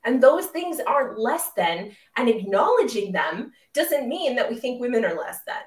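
A woman hosting a podcast, her fairly high voice animated and opinionated as she restarts points with repeated words. The sound is roomy and she sits somewhat back from the mic. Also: moderate pace, recorded from a distance. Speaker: podcast host. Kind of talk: conversational podcast interview.

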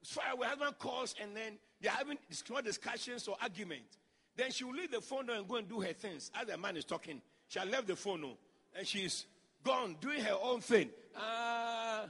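A male pastor preaching a sermon, acting out quotes and shouting lines for emphasis. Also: high voice, expressive, moderate pace, husky, big-room sound. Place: church.

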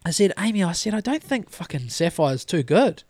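This podcast host, a New Zealand man in his thirties, swears freely while rambling through a story in casual chat. He speaks fairly quickly in a high-pitched, sing-song, slightly mellow voice. It's studio-quality audio without room sound.

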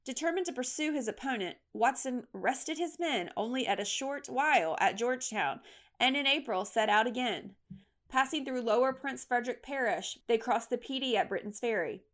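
A woman reading a history story as scripted narration, measured and steady. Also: a little high.

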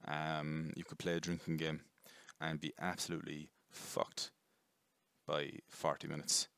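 A man's voice: a bass voice, flat delivery, unhurried, creaky, a bit bright, clear, resonant tone, no echo. A young man rambling casually through a jokey film review, swearing and correcting himself often.

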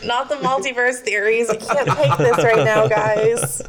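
A woman's voice: fairly high pitch, fairly even intonation, measured pace, a loud crowd. A woman co-hosting a casual beer podcast, introducing the beers and laughing along. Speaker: podcast co-host. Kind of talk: casual chat.

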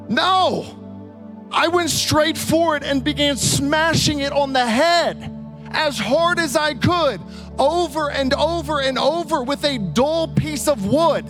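A man in his thirties, a pastor preaching a sermon from a stage and telling stories in an animated, vivid way. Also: extremely high pitch, measured pace, music in the background. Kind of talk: storytelling sermon. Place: church stage.

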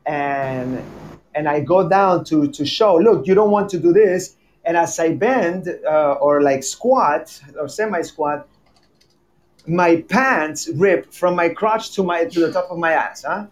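A man who teaches tango, telling stories in a casual chat, animated and laughing often, repeating his words. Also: fairly high pitch, slow pace.

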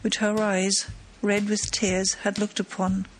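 A woman narrating an audiobook of a classic mystery in a measured, dramatic storytelling manner. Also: mid-range voice, flat delivery, a little hiss or hum, poor audio. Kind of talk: scripted narration.

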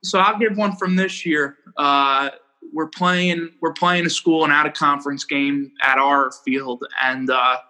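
Young male ballplayer guest, slightly high, bright, rambling storyteller. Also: poor audio. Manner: rambling, animated, quick to laugh at himself. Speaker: baseball pitcher guest. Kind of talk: casual storytelling interview.

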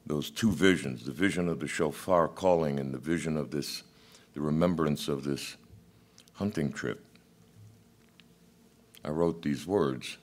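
A man preaching a sermon in a reflective, halting delivery. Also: extremely low pitch, a little mellow.

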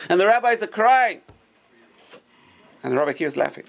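A rabbi giving a Torah lesson in a somewhat high, gravelly voice. He presses his points by saying them again and again. His storytelling is lively and animated. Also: fairly quick, slight background noise, rough recording. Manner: emphatic, repeats key words. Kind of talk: teaching a Torah class.

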